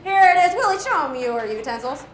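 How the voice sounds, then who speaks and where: A woman's voice: high voice, big pitch swings, quick pace, echoey room. A woman wildlife educator giving an upbeat live animal presentation to children, asking them questions and laughing often.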